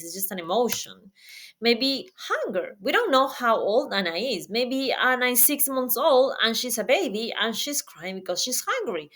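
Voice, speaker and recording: A woman teaching a test prep reading lesson in a casual video, lively and asking viewers questions. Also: fairly high pitch. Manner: lively, asks viewers questions and pauses for them.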